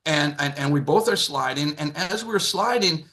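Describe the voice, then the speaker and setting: A man's voice: fairly high pitch, animated, moderate pace, fairly bright tone. A man in his sixties telling a rambling stand-up story over a video call, full of fillers and restarts. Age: 60s. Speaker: comedian.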